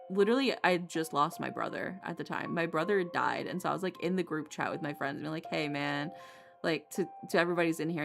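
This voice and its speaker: A woman streamer with a low, gravelly voice reads game narration and breaks into blunt, profane chat. Her laughs come easily, and faint music plays underneath. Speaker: streamer playing a visual novel.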